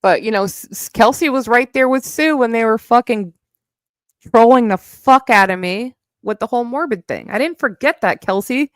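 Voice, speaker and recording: A woman's voice: on the high side, moderate pace, no echo, clean studio sound. A young woman with a New York accent, ranting bluntly and profanely in a rambling casual livestream. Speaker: live streamer.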